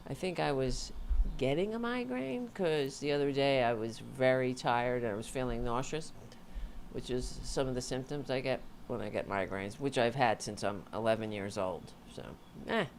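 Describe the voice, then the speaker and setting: A woman with a very deep, darkish voice speaks at normal speed, with slight background noise. She's hosting her own livestream show from home on a home mic with an audio interface, chatting casually and sounding tired as she rambles and cuts herself off.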